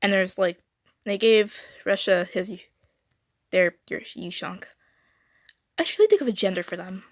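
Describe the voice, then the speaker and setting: Teen girl streamer, mid-pitched, rambling and stuttering, dry close sound. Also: measured pace, long pauses, no room sound. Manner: rambling, stuttering, self-correcting. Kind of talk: casual drawing livestream chat. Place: home room.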